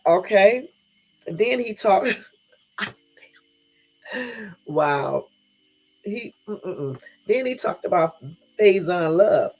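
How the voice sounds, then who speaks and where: A woman hosting a live stream, reading celebrity quotes aloud and reacting to them with animated exclamations. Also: on the low side, drawn-out words, long pauses, faint music behind, rough recording.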